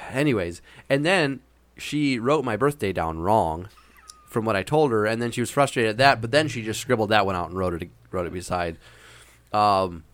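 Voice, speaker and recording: A man's voice: fairly low pitch, moderate pace, a bit bright, dry recording. A man casually telling a long, meandering anecdote with frequent hesitations. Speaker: storyteller. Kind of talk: casual chat.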